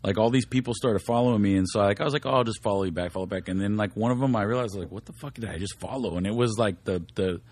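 A man's voice: lowish voice, racing, few pauses, darkish tone. A man talking in a casual podcast interview, laid-back and swearing freely as he rambles through stories. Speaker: guest rapper. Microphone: studio microphone.

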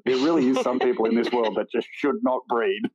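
A man's voice: medium pitch, sing-song, moderate pace, a little mellow, breathy edge, dry recording, dull audio. A man chatting casually as a co-host, making crude jokes and laughing along. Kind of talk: casual chat.

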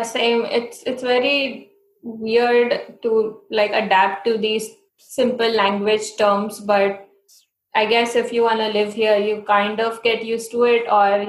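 Podcast co-host, woman from India, chatty and giggly, echoey room. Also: mid-range voice. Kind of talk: casual chat.

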